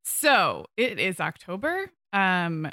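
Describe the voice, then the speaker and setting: Woman co-host, middle-aged, bright and crisp, dry close sound, chatty and loose. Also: on the low side, very animated, slow pace, no echo. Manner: chatty, thinks aloud with fillers. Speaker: podcast co-host. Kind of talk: casual podcast chat.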